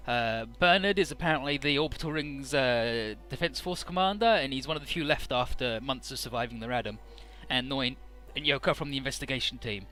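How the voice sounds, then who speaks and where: A man's voice: medium pitch, brisk, sharp tone. A man casually narrating a video game run, offhand and profane, with game music faint behind. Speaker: let's play host.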